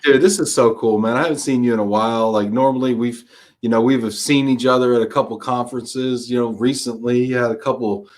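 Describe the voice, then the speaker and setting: A man's voice: mid-range voice, fairly even intonation, brisk, a little mellow. A man hosting a live-streamed talk show, chatting casually and energetically on a video call, tossing in slang like "buddy" and "man".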